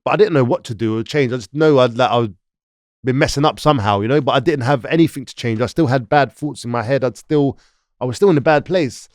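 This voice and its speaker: A man's voice: medium pitch, fast, no room sound, studio quality. A man in his thirties with a London accent, telling his story as an interview guest and acting out what other people said. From London, England. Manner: animated, acts out other people's lines.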